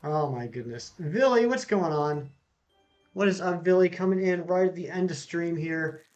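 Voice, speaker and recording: Relaxed game streamer, male, a bit higher-pitched, chatting with viewers over dull audio. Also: moderate pace, faint music behind. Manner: chatty, reads out chat jokes and greets viewers. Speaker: streamer reading live chat. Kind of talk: casual live-stream chat.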